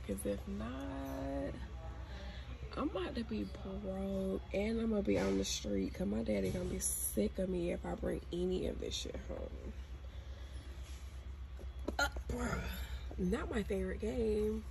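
A woman talking casually to her phone as she shops, gasping, squealing and swearing in excitement. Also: medium pitch, unhurried, gravelly. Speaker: vlogger. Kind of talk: casual shopping vlog. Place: in a large store. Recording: noisy store ambience.

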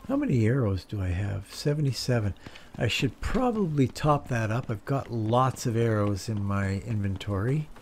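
A man's voice: lowish voice, big pitch swings, moderate pace, a little mellow, slight background noise. A man casually commenting on his own gameplay, chatty and self-deprecating, talking to himself as he goes. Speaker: gameplay streamer. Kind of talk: casual let's-play commentary.

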